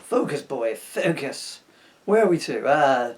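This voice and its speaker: A man's voice: mid-range voice, sing-song, slow pace. A man reading aloud from his own comic novel, breaking off often for self-mocking asides. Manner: digressive, self-mocking jokes between passages.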